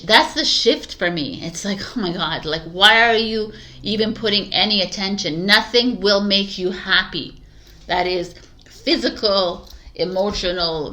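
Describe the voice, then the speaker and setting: Bright-voiced woman tarot reader, rambling. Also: medium pitch. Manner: rambling, heavy use of "like", frequent soft laughs. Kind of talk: casual spiritual monologue.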